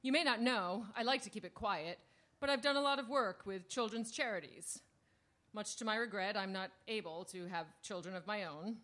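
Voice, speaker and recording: A woman's voice: mid-range voice, moderate pace, sharp tone, natural voice. An actress playing a gushing, self-promoting female TV star, reading out a letter in a stage play with showy sincerity. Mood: earnest. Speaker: letter writer.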